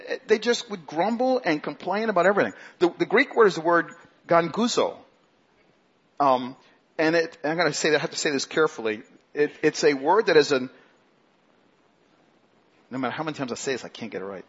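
A man preaching a sermon as pastor, animated, mimicking grumbling people in a mocking high voice. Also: brisk, husky, lo-fi sound.

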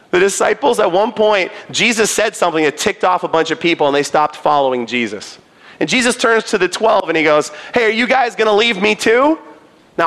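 A man's voice: on the high side, fairly bright tone. A male pastor preaching a sermon in a church, earnest and pleading as he speaks directly to his listeners.

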